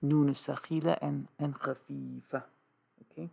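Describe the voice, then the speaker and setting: A man teaching an Arabic grammar lesson, slow and repetitive, drilling terms with many "okay"s. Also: medium pitch, little pitch movement, vocal fry, warm tone, husky. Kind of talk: classroom lesson with writing.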